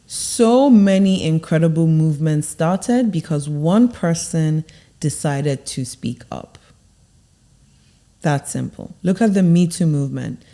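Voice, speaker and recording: Emphatic young woman giving confidence advice. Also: mellow. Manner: emphatic and deliberate, drops her voice low to stress points. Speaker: confidence coach. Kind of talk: motivational advice to camera.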